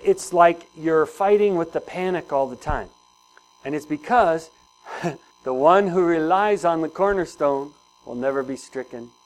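A man's voice: fairly high pitch, poor audio. Conversational man preaching a sermon. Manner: conversational, asks the congregation questions and repeats phrases. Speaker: pastor.

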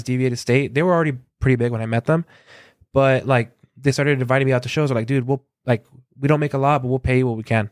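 A man from Southern California, a concert photographer, telling lively anecdotes in a casual interview and acting out quoted dialogue, with a lot of filler words. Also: mid-range voice, no echo, clean studio sound.

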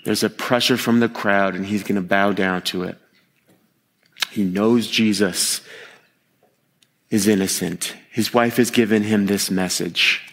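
A man preaching a sermon to a live congregation in a conversational, animated way, with expressive groans of disgust and quick voiced asides. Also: long reverb tail. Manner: conversational and animated, acting out quotes with sharp pitch jumps.

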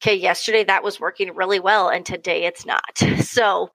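A woman's voice: on the low side, moderate pace, gravelly, no echo, low-quality recording. A young adult woman, a podcast guest and mother, telling stories in casual chat, often acting out voices and laughing. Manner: animated storytelling, acting out quoted voices, frequent laughs.

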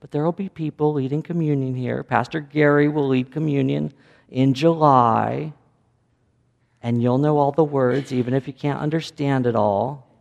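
A man's voice: medium pitch, fairly even intonation, normal speed, vocal fry, darkish tone, dull audio. A man with a Midwestern American accent, a pastor giving a playful children's sermon and asking the children questions. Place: church sanctuary. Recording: echoey church hall.

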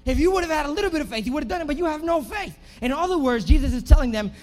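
A young man preaching a lively sermon in a church, moving from hushed talk to shouting and acting out scenes. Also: extremely high pitch, rapid-fire, soft background music. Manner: animated, swings from hushed to shouting, acts out scenes. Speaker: pastor.

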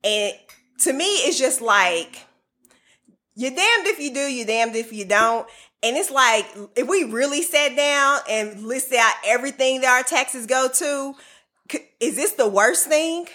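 Bright-voiced woman, opinionated chat. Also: high voice, expressive, a little slow. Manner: rambling, leans on "like" and "you know" fillers; earnest, opinionated. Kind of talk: casual panel discussion.

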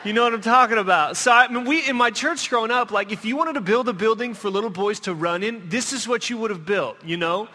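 A man's voice: high voice, fast, hardly any pauses. A man giving a humorous, storytelling sermon, joking and pulling the congregation in with questions. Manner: animated, joking, pulls the audience in with questions. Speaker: preacher and professor. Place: church sanctuary. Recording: church hall reverb.

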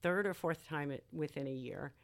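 Deep-voiced woman in her sixties, chatty. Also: moderate pace. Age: 60s. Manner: chatty, laughs easily while telling a story. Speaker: podcast guest. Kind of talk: casual chat.

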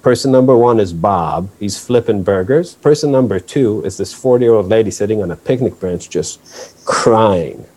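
A man tells a long tour story as a podcast guest, slipping into voices for the people he quotes and swearing freely. His voice sits low, with a warm, mellow tone. He talks in a loose, conversational way. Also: animated, normal speed. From Israel. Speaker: guest musician. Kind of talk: casual storytelling.

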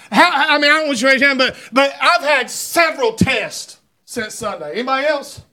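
High, bright-voiced preaching man. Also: lively intonation, a little fast. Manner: rising to fervent shouted preaching, with repetitions. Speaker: pastor. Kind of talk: sermon. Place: church sanctuary.

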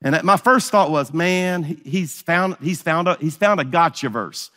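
A man's voice: fairly high pitch, moderate pace, a bit bright, in a large hall. A middle-aged man preaching a sermon, telling a story and acting out the dialogue. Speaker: pastor.

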